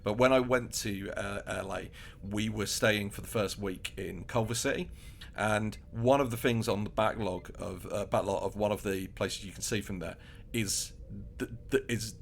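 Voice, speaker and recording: This man co-hosts a podcast, and his voice sits on the low side with vocal fry at a moderate pace. He chats casually and animatedly, restarting often and acting out little quotes, with slight background noise behind him.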